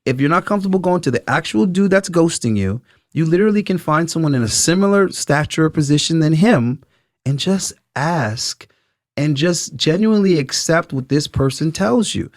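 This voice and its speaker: A man's voice: on the high side, lively intonation, moderate pace. A man, co-hosting a casual podcast chat, blunt and profane, acting out little dialogues as he talks. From Brooklyn, New York. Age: 40s. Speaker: podcast co-host.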